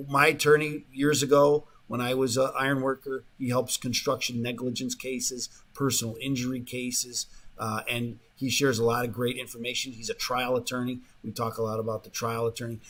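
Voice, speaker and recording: A man's voice: mid-range voice, fairly bright tone. A man hosting a talk radio show, rambling in a casual monologue full of fillers and restarts, sometimes mocking the voices of the people he quotes, in a radio studio.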